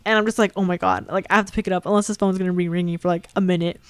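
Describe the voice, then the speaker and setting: A woman's voice: lowish voice, steady tone, racing, clean tone, dry recording. A young woman with a Californian accent, rambling and giggling through a casual stream chat.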